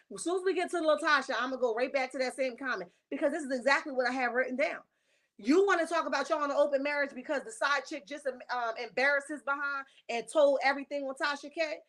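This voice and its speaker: A sassy woman gossips on a casual reality-TV livestream in a high-pitched, fairly bright voice. Chatty and emphatic, she reads viewer comments aloud.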